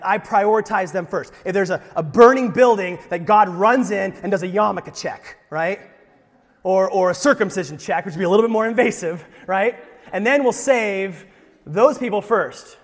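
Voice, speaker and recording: A man preaching a sermon as pastor, animated, jumping from loud emphasis to quiet asides with jokes along the way. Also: sits high. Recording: long reverb of a large hall.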